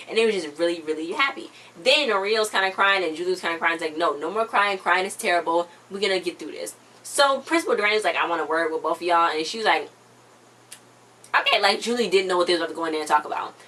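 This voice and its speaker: A woman's voice: on the low side, sharp tone, rough recording. A young woman hosting a TV episode recap in casual chat, retelling scenes in quoted voices and laughing often.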